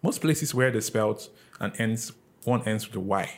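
An animated man from Nigeria co-hosting a podcast in casual conversation. His voice is mid-pitched. He builds his points by repeating and restarting words. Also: moderate pace. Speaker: podcast co-host. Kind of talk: casual chat.

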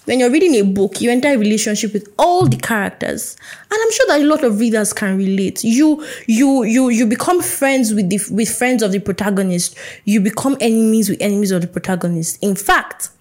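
A woman's voice: on the high side, darkish tone. Chatty woman podcast host. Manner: chatty, playful, acts out little dialogues. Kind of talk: casual solo podcast chat.

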